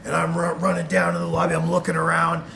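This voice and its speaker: A middle-aged man from Canada, a retired wrestler telling an animated anecdote as a guest on a video call. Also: fairly high pitch, fast, gravelly, background noise. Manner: animated, acts out quotes. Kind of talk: anecdote storytelling.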